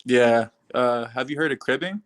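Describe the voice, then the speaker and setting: A man's voice: medium pitch, moderate pace. A young man from Canada, a fighter answering interview questions in an easygoing way over a video call. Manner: easygoing, laid-back, with frequent soft laughs.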